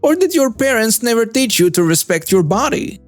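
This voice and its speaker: A man's voice: very high-pitched, big pitch swings, normal speed, no echo, soft background music, pitched above the performer's own voice. A man voicing a self-righteous middle-aged woman who scolds a stranger in a shop in a preachy, accusing way. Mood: scolding.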